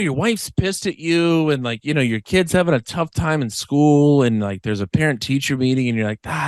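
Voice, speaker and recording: A young man co-hosting a casual late-night podcast, joking and swearing, now and then breaking into squeaky silly voices. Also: clear, resonant tone, no room sound. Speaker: podcast co-host.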